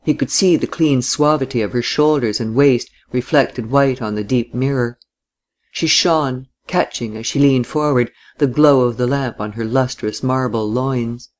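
A man narrating a novel in a measured, even reading style. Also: mid-range voice. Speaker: audiobook narrator. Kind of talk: scripted narration.

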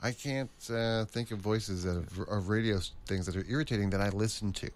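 A man co-hosting a casual chat, speaking haltingly as he searches for his words. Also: lowish voice. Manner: hesitant, halting with fillers.

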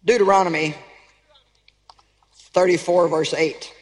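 A woman's voice: on the low side, steady tone, unhurried. A woman preacher giving an emphatic sermon, calling out to her audience with rhetorical questions. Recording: long reverb of a large hall.

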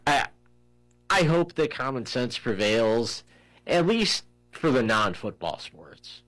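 A man's voice: mid-range voice, sing-song, slow, a bit bright, low-quality recording. A man hosting a casual sports chat, thinking aloud with many "you know" fillers and restarts. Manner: rambling, heavy use of "you know" fillers.

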